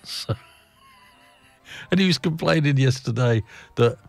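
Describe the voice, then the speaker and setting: A man's voice: mid-range voice, lively intonation, a little slow, creaky, soft background music. A man chatting casually and wryly, wandering between asides and often breaking into laughter. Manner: wry, mocking asides. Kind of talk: casual chat.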